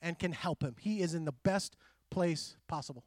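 A middle-aged man preaching a conversational sermon, animated and full of quoted asides. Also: a little high, moderate pace, dry recording, clean studio sound. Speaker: pastor.

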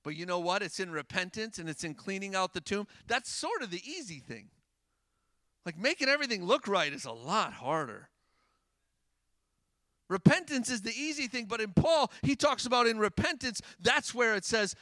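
A man preaching a sermon in a casual, animated way, rising to loud emphasis and dropping to hushed tones. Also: sits high, moderate pace, no room sound.

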